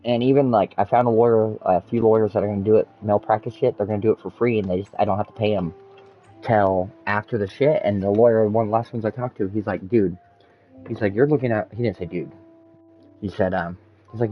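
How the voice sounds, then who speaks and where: A man's voice: on the low side, steady tone, a little fast, highs cut off, faint music behind. A man in casual chat, telling long rambling stories full of swearing. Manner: rambling, profane storytelling.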